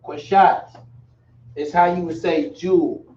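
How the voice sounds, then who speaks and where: A man's voice: a little high, fairly even intonation, takes it slowly, mellow, roomy sound, highs cut off. A man teaching a language class in a casual, repetitive way, calling his students y'all, recorded from a distant mic in a room.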